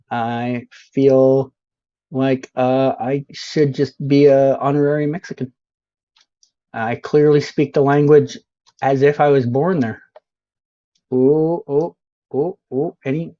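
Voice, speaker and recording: Slow-talking joking male streamer, lo-fi mic. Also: medium pitch, steady tone, darkish tone. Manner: joking, self-mocking, sounds out signs slowly. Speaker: streamer playing a geography game. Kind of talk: casual live-stream commentary.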